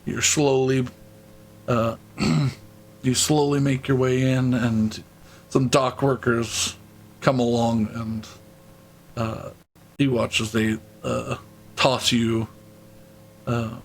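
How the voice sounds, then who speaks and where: A man running a tabletop game as game master, talking slowly in a gravelly voice. He narrates haltingly, with fillers, throat-clearing and frequent laughs. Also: mid-range voice, little pitch movement, a little hiss or hum, low-quality recording.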